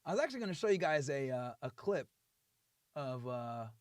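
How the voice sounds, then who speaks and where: A man's voice: mid-range voice, very animated, normal speed, a little mellow, dry recording, clean studio sound. A man hosting a livestream, ranting in a profane, heated and mocking way. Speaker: livestream host. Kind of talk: livestream rant.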